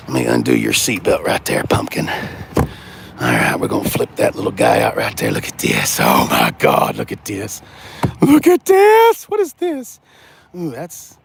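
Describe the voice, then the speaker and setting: A man talking in a loose, joking way, wandering from point to point and answering his chat. His voice sits high and gravelly. Faint background noise hangs behind him. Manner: jokey, rambling, talks to chat. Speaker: car vlogger. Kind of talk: casual livestream walkaround.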